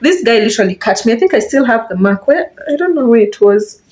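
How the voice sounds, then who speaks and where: A young Kenyan woman telling a casual storytime while getting ready, animated, mixing in Swahili slang and acting out quotes in a raised voice. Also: quick pace. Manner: animated, switching between English and Swahili slang, acts out quotes in a high voice. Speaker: vlogger.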